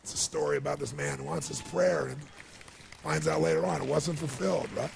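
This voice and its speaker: Man, very gravelly voice, motivational seminar storytelling, emotional, faint background noise. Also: fairly high pitch, brisk. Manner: emotional, building to excited outbursts. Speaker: motivational speaker. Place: large seminar hall with audience.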